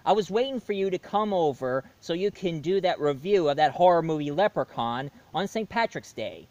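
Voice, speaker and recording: A man's voice: on the high side, expressive, normal speed, darkish tone, lo-fi sound. A man hosting a casual storytelling video, chatty and rambling, often correcting himself. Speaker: storyteller host.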